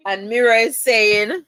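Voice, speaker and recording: A woman with a higher, bright voice hosts a live chat, talking slowly and teasing her viewers as she reads their comments. She laughs often and keeps it chatty. The sound is close and dry. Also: clear, resonant tone, no echo, low-quality recording. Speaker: livestream host. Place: at home, camera off.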